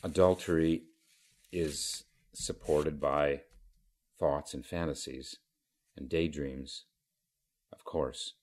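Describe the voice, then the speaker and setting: Male Zen teacher, dharma talk; very deep, unhurried, hesitant delivery full of pauses. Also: steady tone, darkish tone. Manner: halting, measured, frequent pauses and fillers.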